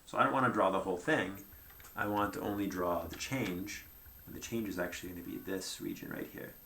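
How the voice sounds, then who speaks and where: A man gives a relaxed whiteboard lecture, talking through each step out loud and often checking in with his listeners. His voice sits on the low side and carries a gravelly edge. The room adds a noticeable echo. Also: fairly quick, a little hiss or hum. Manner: conversational, thinking aloud with frequent "right?" and "um".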